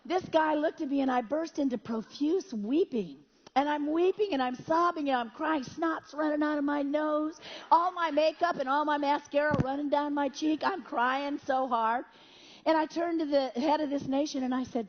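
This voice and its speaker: A woman preacher with a high voice tells an animated testimony, slipping into buzzing sound effects and quoted prayer. The recording is dull and lo-fi. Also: moderate pace. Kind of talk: storytelling sermon testimony.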